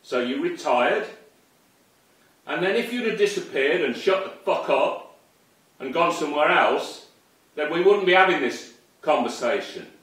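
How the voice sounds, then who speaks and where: A man delivers an unscripted rant to camera, angry and profane, his voice set a little high and swinging widely in pitch. He speaks slowly and deliberately, and his voice echoes strongly around the room, picked up well away from the mic. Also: lively intonation, a bit bright, far from the mic. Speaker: online commentator.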